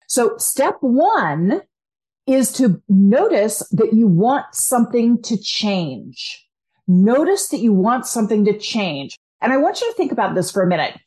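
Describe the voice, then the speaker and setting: An energetic woman delivers a motivational self-help talk as host, addressing the listener directly. Her voice sits a little high and leaps even higher when she acts out what people think or say. She keeps the tone upbeat and encouraging throughout. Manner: acts out quoted inner voices with big pitch jumps. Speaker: podcast host and coach.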